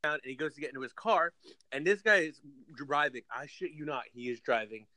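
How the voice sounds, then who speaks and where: A man with a fairly high-pitched voice speaks a little fast as he casually recaps a movie for a podcast on a remote call. The recording is poor and has no room sound, and his animated storytelling is laced with plenty of swearing.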